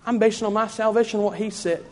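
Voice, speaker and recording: A man's voice: high voice, steady tone, quick pace, in a large hall. A man preaching a sermon in a church, fervent and repetitive in his cadence.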